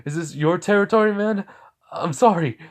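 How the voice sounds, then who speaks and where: A man's voice: normal speed, natural voice. A man doing a stammering cowardly demon. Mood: panicky pleading. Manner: stammering, pleading, high-strung. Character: cowardly male lizard-snake-fish demon, groveling. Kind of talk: storytelling with voiced characters.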